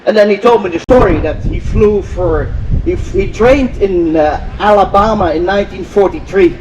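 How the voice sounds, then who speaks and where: An older man from Europe telling an audience a story, animated and acting out the dialogue, with repeated phrases. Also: high voice, moderate pace, highs cut off. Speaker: inspirational speaker. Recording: distant mic with faint vehicle noise.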